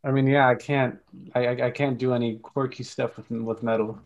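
A man's voice: mid-range voice, little pitch movement, fairly quick, muffled recording. A man playing in a casual tabletop game, joking with the table. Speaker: player.

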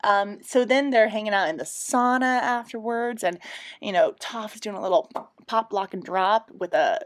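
A woman's voice: medium pitch, normal speed. Giggly rambling woman recapping a show. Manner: rambling, giggly, self-deprecating. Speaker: podcast co-host recapping an episode. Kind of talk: casual chat.

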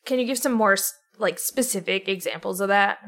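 A woman's voice: mid-range voice, a little fast, a bit bright. A woman hosting a podcast, interviewing a guest with direct, probing follow-up questions. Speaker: podcast host.

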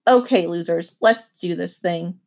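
A woman's voice: on the low side, unhurried, darkish tone. A woman reading aloud, voicing a big teenage bully boy with a mocking, threatening manner. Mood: sneering.

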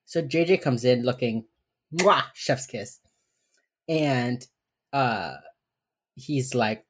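A woman's voice: extremely low pitch, slow pace, long pauses, husky. A young woman co-hosting a podcast, chatting casually through a TV episode recap, swearing freely and acting out the characters' lines. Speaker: podcast co-host.

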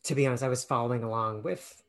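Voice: mid-range voice, fast. A podcast co-host chatting casually about a film, hesitant and full of fillers. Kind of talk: casual film review chat.

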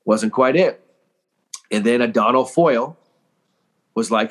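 A man talking about his calling in an emphatic, motivational way. His voice sits at an ordinary pitch for a man. He acts out the people he quotes as he goes. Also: measured pace, a bit bright. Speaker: mental training coach. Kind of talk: motivational interview talk.

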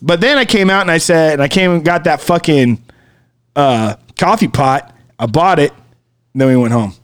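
Podcast co-host: man, higher-pitched and lively, casual storytelling banter. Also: moderate pace, smooth. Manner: animated, swears freely, laughs often.

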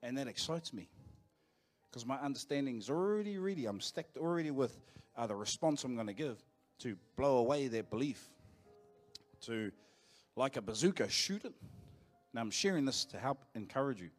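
Forties Kiwi-accented man, pastor in church, relaxed storytelling sermon, mid-range pitch, faint music behind. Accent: New Zealand. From New Zealand. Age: 40s. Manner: conversational and anecdotal, with quick asides to the congregation. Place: church auditorium.

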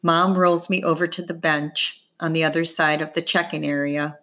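A woman reading a novel aloud in first person, giving gentle voices to the characters. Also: sits low, steady tone, moderate pace. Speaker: audiobook reader. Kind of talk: first-person audiobook narration.

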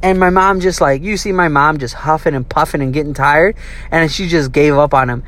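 A young adult with a mid-range voice recounts a childhood story fairly quickly and casually. They swear freely and animatedly act out the people in it, quoting them.

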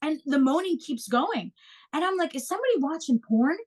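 A young woman with a high voice tells a story to her co-hosts in loose casual chat. She is animated and swears freely, jumping into voices for every quote. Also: brisk.

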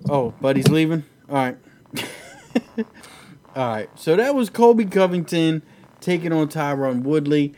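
A man with a slightly higher-than-usual voice hosts a loose podcast chat about fights. He rambles, swears freely, and laughs easily as he talks. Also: lively intonation, a little slow, pauses often, background noise. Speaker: podcast host.

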